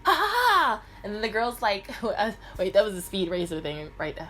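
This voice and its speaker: A woman's voice: mid-range voice, brisk, background noise. A middle-aged woman telling a rambling, profanity-heavy personal story in a casual vlog. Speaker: vlogger.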